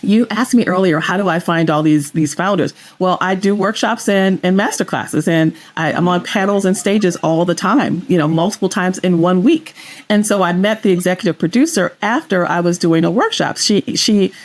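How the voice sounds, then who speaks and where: A woman's voice: on the low side, moderate pace. A woman guest on a podcast interview, talking enthusiastically and telling her stories expressively. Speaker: guest investor.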